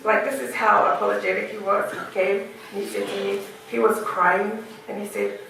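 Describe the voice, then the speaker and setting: A woman's voice: medium pitch, fairly even intonation, moderate pace, creaky, fairly bright tone, a little hiss or hum. A woman gives a heartfelt funeral eulogy, laughing through memories. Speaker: widow giving a eulogy. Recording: echoey hall, distant mic.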